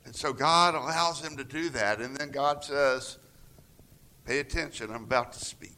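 A man preaching a sermon, retelling scripture with dramatic swings from loud passages to near-whispers and acting out quoted voices. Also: normal speed. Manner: acts out quoted voices with raised pitch. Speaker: pastor.

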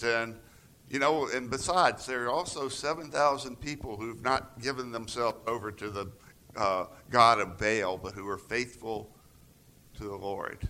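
A pastor preaching a sermon retells scripture a little slowly, swinging dramatically between loud passages and near-whispers. He acts out quoted voices by raising his pitch.

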